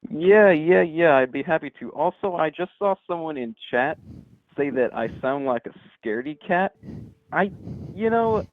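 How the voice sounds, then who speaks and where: A man voicing a timid, soft-spoken devil who calls in, stammering and hesitant, on a dull lo-fi mic. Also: on the high side, expressive, moderate pace, no echo, close to an everyday voice. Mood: earnest. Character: timid soft-spoken male devil, nervous normal guy. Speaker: caller. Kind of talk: improvised comedy call-in bit.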